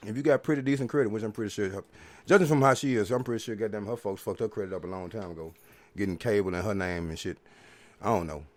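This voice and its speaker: A man's voice: on the low side, fast talker. A man hosting a podcast, rambling through a casual, profane, preachy monologue full of repeated filler phrases. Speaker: podcast host.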